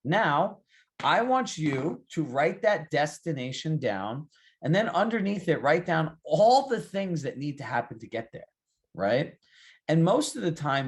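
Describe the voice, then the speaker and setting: Animated man coaching a group. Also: fairly high pitch. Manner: emphatic, fires rhetorical questions at the group; calls on participants by name. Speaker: real estate coach. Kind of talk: live group coaching session.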